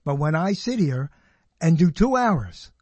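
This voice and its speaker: Higher-voiced man, dry close sound. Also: big pitch swings, unhurried, darkish tone, no echo. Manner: thinks aloud, restarts and hedges. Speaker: radio show host. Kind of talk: casual conversation.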